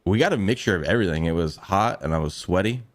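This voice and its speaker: Low-voiced dude hosting a sports show, chatty, laughs a lot telling stories. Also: male voice, expressive. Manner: laughing, storytelling, quick asides. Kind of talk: casual sports chat.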